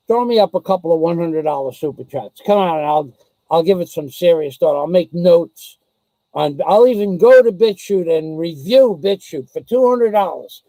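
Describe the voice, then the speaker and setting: A man's voice: fairly high pitch, lively intonation, moderate pace, mellow, no echo, poor audio. A man vlogging to camera, ranting with sarcasm in a casual way.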